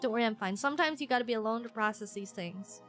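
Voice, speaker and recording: A woman's voice: fairly high pitch, fast talker, faint music behind. A young adult woman streaming a game, chatting casually in a rambling, self-deprecating way with lots of restarts and giggles. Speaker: VTuber streamer.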